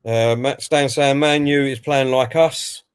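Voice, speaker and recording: A man's voice: mid-range voice, steady tone, a little slow, clean tone. A man co-hosting a football watch-along stream, giving live commentary and reading out viewer comments before giving his own view. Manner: chatty, reads out chat messages and then gives his view.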